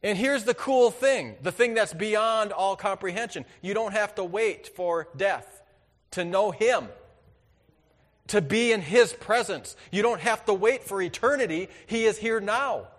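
A man preaching a sermon in an earnest, conversational way, with sudden loud bursts of emphasis. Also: high voice, lively intonation, measured pace, long reverb tail. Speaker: pastor.

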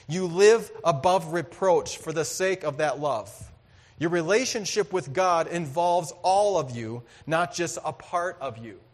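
A high-pitched man delivers a sermon in an earnest, conversational style that now and then swells into loud emphasis. His voice rings with a long reverb, as in a large hall. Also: lively intonation, unhurried. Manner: earnest, conversational preaching with sudden loud bursts. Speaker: pastor.

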